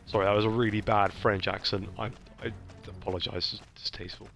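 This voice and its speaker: A man's voice: on the low side, steady tone, fast talker, creaky, hardly any pauses, fairly bright tone, faint music behind. A man, casually commenting on his gameplay with playful asides. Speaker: let's play host.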